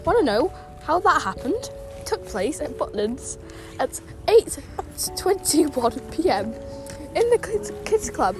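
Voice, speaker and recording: Brief: woman playing a sweary, gossipy nan over faint music, high and very sing-song delivery. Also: sing-song, slow, heavily acted. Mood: rambling. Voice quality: rambling, blunt, sweary. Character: gossiping old British grandmother, rambling and crude. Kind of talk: comic storytelling monologue.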